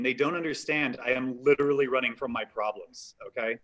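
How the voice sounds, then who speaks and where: Over a video call from a home set-up on a live stream, a man performs a stand-up comedy set, rambling, self-deprecating and leaning heavily on "like." His voice is medium-pitched, his delivery fast, his tone fairly bright.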